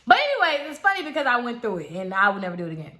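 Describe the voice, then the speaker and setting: A young woman tells her own story in an easygoing, chatty way, talking straight to her viewers. Her voice is bright and a touch high. The room gives it a noticeable echo. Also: wildly swooping pitch, very fast. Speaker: vlogger telling a personal story. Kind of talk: casual storytime chat. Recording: roomy echo.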